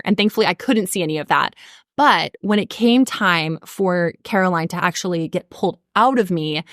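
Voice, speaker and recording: An earnest woman in her thirties tells a heartfelt personal story, with a slightly low voice and lots of casual fillers. She is recorded on a close, dry mic with no room sound. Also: no echo. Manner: earnest, emotional, many fillers like "like" and "you know". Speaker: podcast host.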